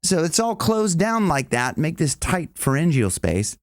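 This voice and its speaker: A man's voice: fairly high pitch, sing-song, a little slow, very noisy. A male vocal coach explaining singing technique in a casual, enthusiastic, rambling way. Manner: enthusiastic, rambling, with many restarts and sung demonstrations.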